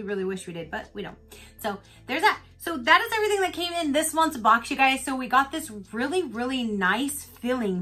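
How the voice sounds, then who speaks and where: A woman's voice: fairly high pitch, a bit bright. A woman vlogger chatting casually through an unboxing, telling stories with lots of laughter. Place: home in Florida.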